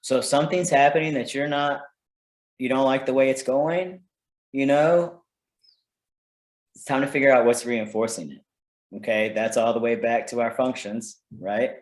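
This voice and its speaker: A man's voice: mid-range voice, normal speed, long pauses. Roomy-sounding man teaching parents. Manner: conversational, keeps checking in with "right?". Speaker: parenting workshop presenter. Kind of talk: informal teaching talk. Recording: roomy echo.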